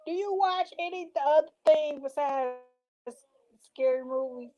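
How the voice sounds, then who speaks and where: A woman's voice: sits high, unhurried, dark tone, dull audio. A woman in casual vlog chat, reading out show titles and reacting with slangy asides. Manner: chatty, reads titles aloud, slangy asides. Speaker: vlogger reacting to show picks.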